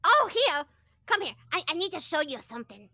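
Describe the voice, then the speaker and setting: A woman voicing a flustered young female scholar who gushes and chatters in a high, excitable voice. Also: fairly quick, no echo, exaggerated voice. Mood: excited, chatty. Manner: gushing, high-pitched, excitable. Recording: lo-fi with faint music.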